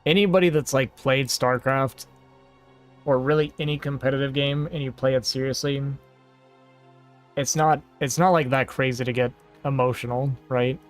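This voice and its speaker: A man's voice: medium pitch, steady tone, normal speed, faint music behind. Rambling man chatting on a livestream. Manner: rambling and talkative, reading chat aloud. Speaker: livestream host. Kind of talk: casual chat to a stream audience.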